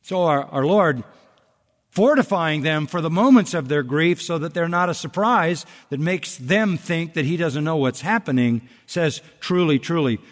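A man's voice: fairly high pitch, animated, normal speed, big-room sound. A man preaching a sermon in an earnest expository manner, stressing points with repetition. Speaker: pastor.

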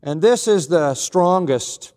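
A man preaching a sermon in an earnest, emphatic way, working through slow lists of points. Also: high voice, animated, darkish tone, long reverb tail. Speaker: pastor.

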